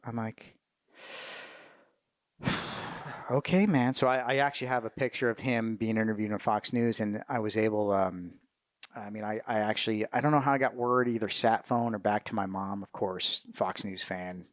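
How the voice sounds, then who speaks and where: A middle-aged man speaking in a casual interview, telling stories in a candid, profane way and often stopping to restart his thoughts. His voice sits low, and the sound is dry and close. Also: steady tone, moderate pace, a bit bright, dry recording. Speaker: retired Marine officer guest.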